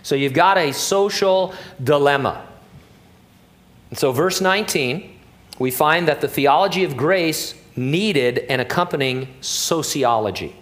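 A man's voice: a little high, expressive, measured pace, fairly bright tone. A middle-aged male pastor preaching an expository sermon in a conversational, joking way, full of asides and fillers.

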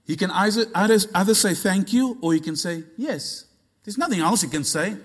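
Man, preaching, animated storyteller, high-pitched voice. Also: fast, breathy edge. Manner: animated storytelling, acting out dialogue. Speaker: pastor. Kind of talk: sermon.

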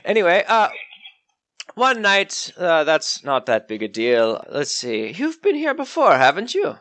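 A man's voice: a little high, huge pitch swings, unhurried, fairly bright tone, no room sound, full character voice. A chummy innkeeper greets travellers, as a man voices him. His mock accent keeps wandering from British to French to Irish. The sound is dry and close. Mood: welcoming. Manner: broad put-on accent drifting between British, French and Irish. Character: male innkeeper, friendly, accent keeps slipping.

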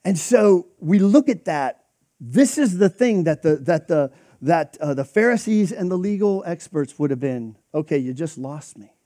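A man's voice: sits high, animated, unhurried, dark tone, no room sound, clean studio sound. A man preaching a sermon in a conversational, emphatic way, acting out quoted reactions. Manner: conversational, emphatic, with frequent restarts and quoted asides.

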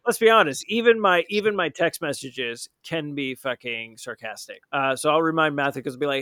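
A man's voice: mid-range voice, quick pace, few pauses, bright, forceful tone, clean tone, no room sound. A man hosting a podcast in casual, profane chat, acting out imagined conversations with a sarcastic edge. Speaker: podcast host.

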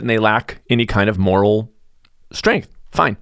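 At a moderate pace and with a creaky voice, a middle-aged man hosting a podcast gives an animated, casual monologue. He restarts often and mocks people by jumping into sudden high voices, with clean studio-quality sound and no echo.

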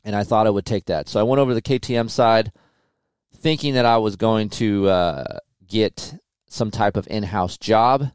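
A middle-aged man with a fairly low, smooth and clear voice. He talks loosely and casually, full of "uh"s and the odd curse. The sound is dry and close, with no room echo. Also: moderate pace. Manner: loose, profane, filler-heavy storytelling. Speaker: motorcycle test rider. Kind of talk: casual storytelling interview.

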